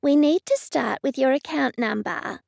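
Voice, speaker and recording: Brusque phone operator read by a woman narrator, flat and demanding, with a slightly raised, gravelly voice. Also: sits high, moderate pace, no room sound, clean studio sound, voice pushed up. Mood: curt. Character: curt female call-centre phone operator.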